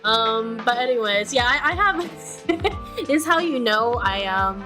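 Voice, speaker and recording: A woman's voice: on the high side, animated, a little slow. Chatty streamer woman over music. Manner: chatty, self-mocking, frequent laughs and restarts. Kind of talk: casual chat reading viewer comments. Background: music playing.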